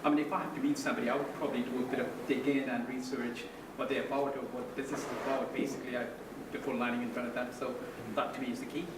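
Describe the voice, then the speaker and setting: A man's voice: medium pitch, level tone, racing. A man from the audience, making his point in an earnest, explanatory way. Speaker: audience member. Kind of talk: casual answer in a Q&A. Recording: echoey room from far off, loud noise.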